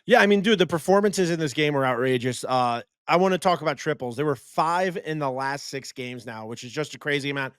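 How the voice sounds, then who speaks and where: Excitable young man, bright voice. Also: a little high, a little fast, hardly any pauses, clear, resonant tone, no echo, clean studio sound. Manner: excitable, animated storyteller who slips into impressions. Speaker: co-host. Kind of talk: casual sports chat.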